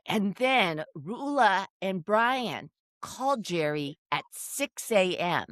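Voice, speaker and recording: A woman co-hosting a casual recap chat, animated, laughing often and acting out quotes. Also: mid-range voice, drawn-out words, no echo, studio quality. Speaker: podcast co-host.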